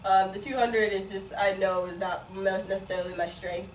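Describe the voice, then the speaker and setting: At a moderate pace and steady tone, a mid-range-voiced woman in her 20s answers interview questions. She's a Midwestern college sprinter from Chicago, raised partly in Las Vegas, who chats freely with lots of likes and ums and laughs often, recorded at a distance in an echoey room with faint noise.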